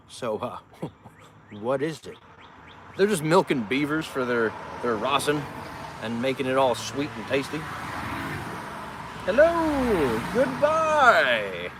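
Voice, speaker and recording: Joking man livestreaming by a road. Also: fairly low pitch. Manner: joking, laughing, greets passing traffic. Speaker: farm livestreamer. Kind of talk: casual livestream chat. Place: outdoors by a road with traffic. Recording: outdoor street noise, passing cars.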